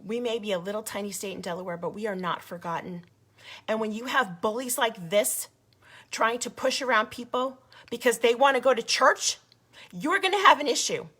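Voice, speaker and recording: A woman's voice: on the high side, steady tone, normal speed, fairly bright tone. A woman giving a passionate, indignant update to her group's followers, emphatic and given to repeating herself. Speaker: grassroots group leader. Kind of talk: impassioned video update.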